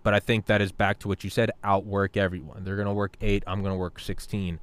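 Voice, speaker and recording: A man in his thirties hosting a podcast, telling stories in an animated, casual way, swearing freely and repeating words. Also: on the low side, quick pace. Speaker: podcast host. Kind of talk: casual storytelling chat.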